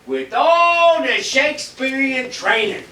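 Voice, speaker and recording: A man's voice: very high voice, lively intonation, slow pace, exaggerated voice. A man acting a brash, insulting theatre producer in a stage comedy, recorded from far off in an echoey hall. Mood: bullying. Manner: gruff, loud and insulting. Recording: echoey stage from a distant mic, faint hiss.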